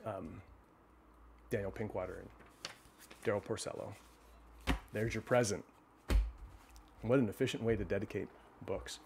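A man hosting a livestream, reading a children's storybook aloud and then chatting with viewers in a relaxed, halting way. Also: fairly low pitch, vocal fry, noisy background. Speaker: storyteller host.

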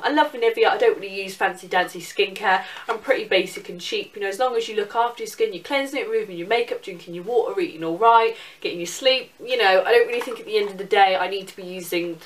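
A woman's voice: mid-range voice, quick pace, few pauses, far from the mic. Casting: 18-year-old woman, chatty vlog haul, cursing casually, a bit off-mic with faint hiss. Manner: chatty, swears freely. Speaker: beauty vlogger.

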